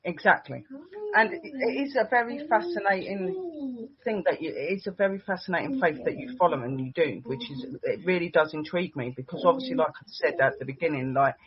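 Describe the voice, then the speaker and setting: A woman's voice: lowish voice, animated, brisk, dull audio, a crowd in the background. A woman hosting a casual online talk show, chatty and enthusiastic, often addressing the audience as guys. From United Kingdom. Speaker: show host.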